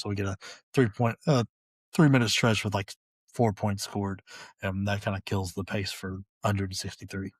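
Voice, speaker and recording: A man's voice: lowish voice, no room sound. A man hosting a sports podcast, talking casually through betting picks with easy fillers. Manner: relaxed, explaining with fillers. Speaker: podcast host.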